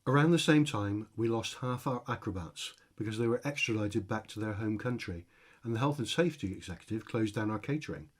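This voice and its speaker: A man's voice: fairly low pitch, expressive, a little fast. A man reading his own short comic story aloud, with a dry, wry delivery. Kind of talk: storytelling narration.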